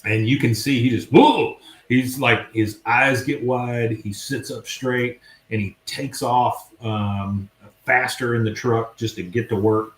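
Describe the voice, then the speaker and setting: A man hosting a podcast recaps an episode scene by scene. He tells it in an animated way and chuckles often. His voice is mid-pitched, and the recording is echoey and roomy. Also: unhurried. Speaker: podcast host. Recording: echoey room.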